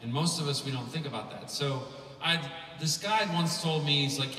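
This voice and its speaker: A man in his thirties gives a rambling, joking keynote full of fillers, his voice bright and forceful. He is picked up from a distance in a big conference hall with a long, roomy echo. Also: fairly high pitch, moderate pace. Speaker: musician giving a keynote. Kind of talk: humorous conference talk. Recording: echoey hall, from far off.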